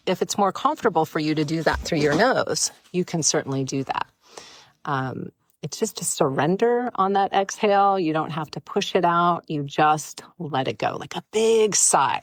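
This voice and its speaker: A woman with a low, grounded voice leads a guided breathwork session in an easy, playful way. She talks listeners through each inhale and exhale without hurrying. The sound is dry, with no room around it. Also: no room sound. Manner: gentle, playful, unhurried guidance. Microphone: close mic, live stream.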